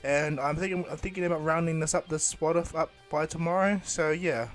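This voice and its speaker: A man's voice: on the high side, steady tone, a little fast, soft background music. A man improvising a fan story retelling, rambling with many ums and restarts and briefly voicing the characters. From New Zealand.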